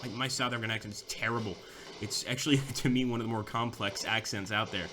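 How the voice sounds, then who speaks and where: A man's voice: medium pitch, fairly even intonation, a little fast, background noise. A young man giving casual, chatty commentary over a strategy war game, thinking aloud with fillers and restarts. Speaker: gameplay commentator.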